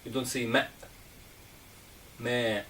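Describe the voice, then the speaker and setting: Male teacher, slow and patient, heard from a distance over faint background hum. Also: on the high side. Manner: slow and patient, checking understanding with "okay?" and "right?". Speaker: Arabic teacher. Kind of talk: classroom lesson on Arabic letters. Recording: distant mic, faint room noise.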